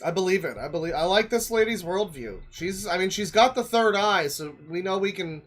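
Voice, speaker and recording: A man's voice: sits high, lively intonation, a little fast, fairly bright tone. Rambling, joking male streamer. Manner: rambling, joking, many fillers. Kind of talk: casual reaction commentary.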